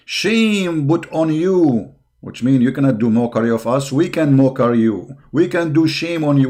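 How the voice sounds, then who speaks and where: A man's voice: fairly high pitch, darkish tone. A man hosting an online show, delivering a combative, impassioned monologue full of repeated words and fillers. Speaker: online apologetics show host.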